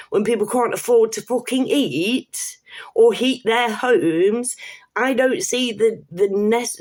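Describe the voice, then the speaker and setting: This fifties-aged vlogger speaks British English in an offhand monologue to camera. She rambles, curses freely, speaks bluntly, and keeps starting over, her medium-pitched voice carrying a darkish tone.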